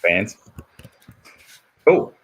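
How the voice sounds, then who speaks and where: A man's voice: very slow, fairly bright tone. An Australian man hosting a casual football podcast, chatty and full of fillers and stats. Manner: chatty, stat-heavy, lots of fillers. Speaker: podcast host. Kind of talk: casual footy chat.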